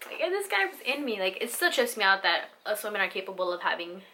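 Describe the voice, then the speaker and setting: Bright-voiced young woman vlogging. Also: medium pitch, very animated, quick pace, slight background noise. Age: young adult. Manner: candid and heartfelt, swears casually, fillers like "like" and "you know". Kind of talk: casual talk to camera.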